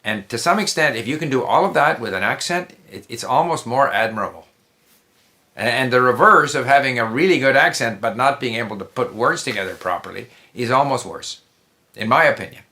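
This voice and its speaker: A man's voice: mid-range voice, lively intonation, brisk, pushed and bright. A man speaking as the guest on a language-learning interview, giving conversational advice in an emphatic way, often repeating himself and restarting his sentences.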